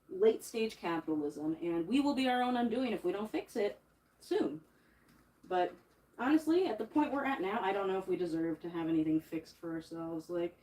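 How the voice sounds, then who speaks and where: A medium-pitched, mellow voice belongs to a young streamer who is angrily ranting on a livestream as she does laundry in her bedroom. She's emphatic and heated, and nervous laughter interrupts her. The recording is rough.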